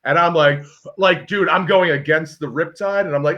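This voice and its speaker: A man's voice: a little high, moderate pace, lo-fi sound. A young man telling a story in casual chat on a video call, acting out the voices of the people in it. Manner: animated storyteller, acts out voices.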